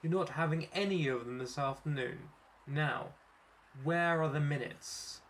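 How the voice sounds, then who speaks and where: A man's voice: fairly high pitch, fairly even intonation, slow pace, a bit bright, slight background noise. A pompous male head of marketing who puts on an official voice to scold , as a man reads him out. He sounds stiff and self-important in a comic storybook reading. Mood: officious.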